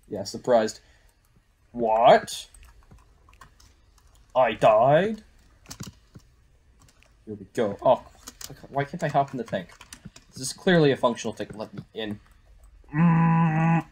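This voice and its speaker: A young man giving excitable live commentary while playing a shooter game at home on a desktop microphone. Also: medium pitch, takes it slowly, long pauses. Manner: excitable, reactive, frequent exclamations. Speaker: gaming YouTuber.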